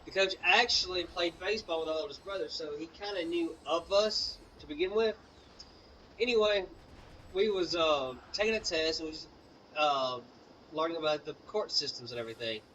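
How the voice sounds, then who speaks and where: While playing a video game, a young man from Mississippi who co-hosts a gaming channel tells a rambling casual story in his Southern US accent, peppered with fillers and asides to the game. His pitch is fairly high, his pace moderate, his tone a bit bright. The mic is distant and the low-quality recording has a little hiss or hum.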